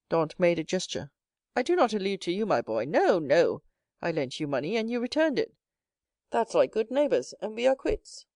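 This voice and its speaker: A woman's voice: dark tone, no echo. Dry, close woman narrating a classic novel. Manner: reads every character herself, lifting her pitch for the young hero. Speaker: audiobook narrator. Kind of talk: scripted narration.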